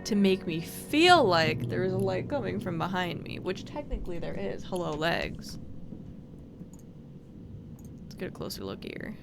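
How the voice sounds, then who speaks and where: A woman's voice: fairly low pitch, expressive, unhurried, vocal fry, long pauses, over loud music. A woman streaming a horror game, chatting and swearing casually as she plays and talks to the characters. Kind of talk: casual let's-play commentary.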